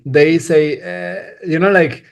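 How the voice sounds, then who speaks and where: A man with a fairly high voice, speaking as a guest on a podcast. He talks slowly and feels his way through his thoughts, leaning on "like" and "you know" as he goes. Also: steady tone, creaky. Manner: loose and searching, with lots of "like" and "you know". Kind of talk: casual interview chat.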